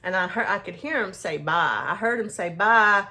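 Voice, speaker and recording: A woman chats into her camera like she is telling a friend a story, circling back and restarting her sentences as she goes. Her voice sits at a middle pitch for a woman, and she keeps the tone easy and conversational. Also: moderate pace, pushed and bright. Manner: rambling, many restarts and fillers. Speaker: skincare and self-care vlogger. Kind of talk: casual storytelling to viewers.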